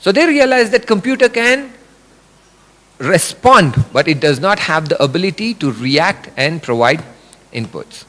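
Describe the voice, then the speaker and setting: A middle-aged man giving an animated religious lecture, explaining with examples. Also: fairly high pitch, measured pace. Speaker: religious speaker. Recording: long reverb of a hall.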